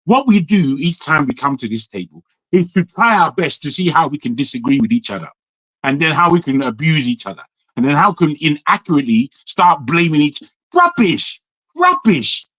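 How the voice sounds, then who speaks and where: A man's voice: on the high side, expressive, brisk, a bit bright, dry recording, rough recording. A man from Nigeria ranting in a live online debate, exasperated, swearing and repeating himself for emphasis. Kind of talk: heated debate rant.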